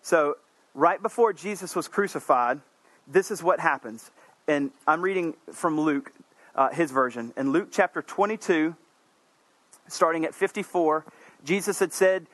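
An earnest male preacher with a fairly high voice for a man, talking conversationally with asides and restarts. He climbs to emphatic peaks, then drops low and quiet. The sound is dry and close, with no room around it. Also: moderate pace, no echo. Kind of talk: sermon.

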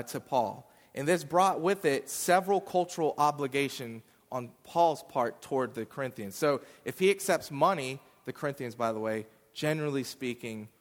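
A man's voice: medium pitch, big-room sound. A man giving a sermon, explaining scripture in a conversational way with fillers. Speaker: pastor. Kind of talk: sermon teaching.

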